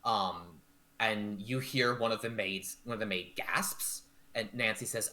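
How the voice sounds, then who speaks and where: A man narrating a tabletop game as game master, animated and full of fillers. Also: fairly low pitch, measured pace.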